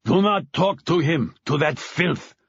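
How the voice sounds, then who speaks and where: A man's voice: fairly high pitch, expressive, a little slow, slightly rough, no echo, muffled recording, voice pushed up, full character voice. A man voicing a heavy, enraged German father who sputters and accuses. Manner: sputtering, accusing, choking on words.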